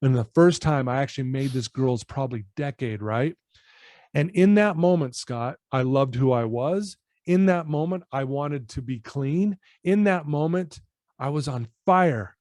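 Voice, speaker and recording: A man in his fifties, a personal-development coach, telling a personal story to a podcast host in an earnest, animated way. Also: mid-range voice, measured pace, dry recording, studio quality.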